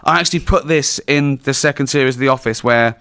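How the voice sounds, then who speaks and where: A man's voice: medium pitch, quick pace, a bit bright, clear, resonant tone, no room sound, clean studio sound. A middle-aged English comedian talks on a live stage, telling stories in a casual, profane way. He breaks into laughter often and slips into little impressions of the people he describes. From England. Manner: swearing storyteller, laughs often, mimics people. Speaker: comedian guest.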